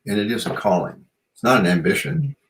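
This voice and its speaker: In this reflective interview, a guest author who practices shamanism talks in a lowish voice with lively intonation and a slightly fast pace. He comes across as earnest and musing, leaning often on "you know," and the recording quality is low.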